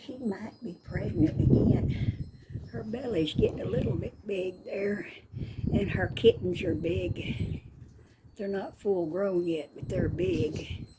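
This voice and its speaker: An older woman chatting casually into her phone, rambling and calling to cats in a high sing-song. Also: very animated, slow pace, heavy background noise. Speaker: vlogger. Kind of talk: casual chat. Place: outdoors by a front door, then back indoors. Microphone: phone held in hand.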